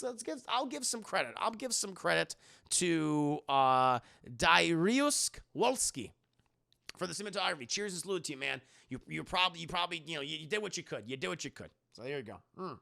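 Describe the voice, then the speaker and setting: Male streamer, casual profane film recap, bright edgy tone, talks to chat. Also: fairly high pitch, gravelly. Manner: profane, rambling, keeps addressing chat.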